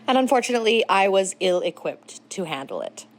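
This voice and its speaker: A woman's voice: medium pitch, brisk. A woman from Utah, a crafts creator, telling stories in a chatty, playful voice-over. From Utah, USA. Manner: chatty, animated, playful asides. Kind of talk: casual storytelling voice-over.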